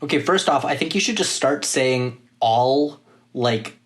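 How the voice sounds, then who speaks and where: A man's voice: medium pitch, animated, unhurried, a bit bright. A man co-hosts a casual podcast with a mid-range voice. He is opinionated and blunt, slipping in jokes while he makes his case. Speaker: podcast co-host.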